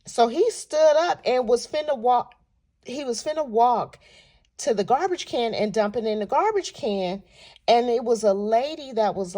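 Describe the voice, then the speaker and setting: Brief: woman vlogger, animated and chatty storyteller, fairly high voice. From California. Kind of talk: storytelling vlog.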